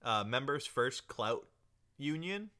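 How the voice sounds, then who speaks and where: Joking male podcast co-host, bright, lively pitch, casual and crude. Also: takes it slowly. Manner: joking, swears a lot, laughs often. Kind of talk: casual chat.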